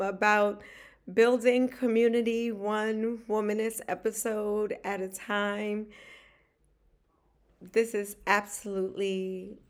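Woman host, slow and heartfelt, livestream chat. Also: mid-range voice. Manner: warm, emotional, drawls words out. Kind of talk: casual livestream talk.

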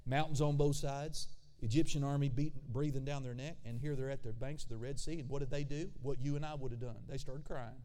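A man preaching a sermon as pastor, animated, with conversational asides and acted-out voices. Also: medium pitch, fairly quick, few pauses. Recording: long hall reverb.

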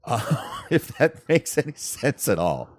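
A man's voice: medium pitch, sing-song, a little slow. A man co-hosting a podcast in casual chat, rambling and making self-deprecating, salty jokes. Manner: salty, profane humor. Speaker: podcast co-host.

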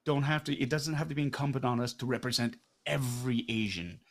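A middle-aged man speaks as an interview guest. His pitch sits in an ordinary middle range, and he argues with energy, throwing out rhetorical questions and tagging his points with "right?". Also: brisk. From Canada. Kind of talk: candid conversational interview.

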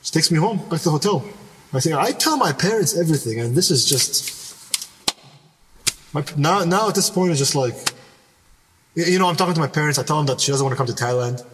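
A man's voice: fairly high pitch, animated, a little fast, pauses often, in a large hall, far from the mic, noisy background. A young man from Canada telling a personal story in casual podcast chat, rambling with many restarts and asides.

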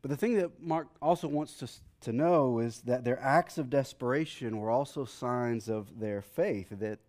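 In his sermon, a pastor with a medium-pitched voice starts by excitedly telling a personal travel story and mimicking the people in it. Afterward he calms down into Bible teaching.

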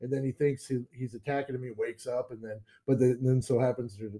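A man's voice: mid-range voice, steady tone, fairly quick, warm tone. A man co-hosting a movie podcast in casual chat, laughing easily and rambling as he retells scenes. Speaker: podcast co-host.

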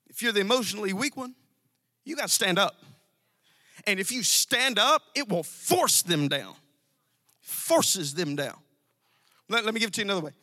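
A man preaching a sermon to a congregation, emphatic and repetitive, with sudden loud outbursts. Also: sits high. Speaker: pastor. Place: church sanctuary. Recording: dry sound with long hall reverb.

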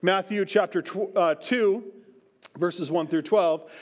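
A man's voice: sits high, slow, dull audio. A man preaching a sermon as pastor, reading scripture aloud and then explaining it in a conversational way that keeps checking in with "right?". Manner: conversational, often asks the room "right?".

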